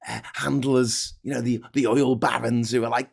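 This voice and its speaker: A man's voice: medium pitch, level tone, normal speed, creaky, darkish tone, husky. A man ranting in political commentary, sardonic and profane.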